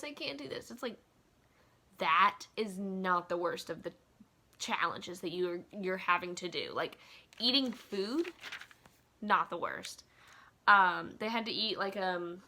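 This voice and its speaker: A woman with a bright, sharp voice rants casually into her phone. She is chatty and opinionated, with plenty of "like" and "um" along the way. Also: medium pitch. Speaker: vlogger. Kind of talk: casual rant.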